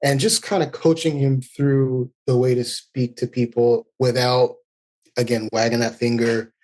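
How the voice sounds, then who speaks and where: A man's voice: mid-range voice, level tone, unhurried, darkish tone. A man, a music educator, talking through his thoughts as a podcast guest in a reflective, earnest way. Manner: reflective, earnest, speaks in long thoughtful runs. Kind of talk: casual interview chat.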